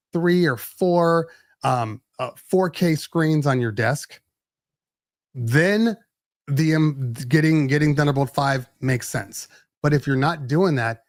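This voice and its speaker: A man's voice: a little high, no echo, clean studio sound. A man hosting a podcast, chatting casually and explaining with many restarts. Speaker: podcast host. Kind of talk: casual tech chat.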